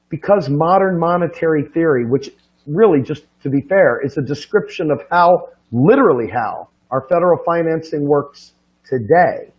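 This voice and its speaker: A fired-up man preaches his point in a fervent, profane monologue, firing off rhetorical questions. His voice sits fairly high and leaps upward when he presses hardest. The recording is muffled and lo-fi. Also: lively intonation, moderate pace. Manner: swings from low and quiet to high and loud. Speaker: political commentator. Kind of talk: impassioned monologue.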